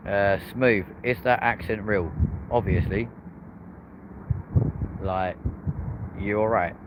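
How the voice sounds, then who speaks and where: A man with a low-leaning voice talks slowly while hosting a live plane-spotting stream atop an airport hotel. Chatty, he banters with his chat and cheers on landing planes. Traffic noise fills the dull, lo-fi outdoor audio.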